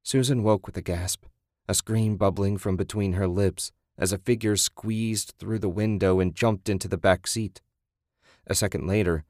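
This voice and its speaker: A man with a very low, deep voice narrates a horror story. His reading is steady and measured. The sound is dry and close with no room echo.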